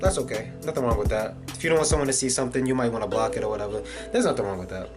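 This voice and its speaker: A man's voice: medium pitch, racing. A man ranting casually in a video commentary, swearing and using many fillers. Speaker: vlogger. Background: music.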